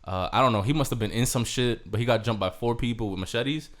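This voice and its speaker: Fast-talking young man telling stories. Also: mid-range voice, a bit bright. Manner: fast storytelling, swearing, drops Spanish words. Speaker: podcast co-host, EMT. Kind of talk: casual chat.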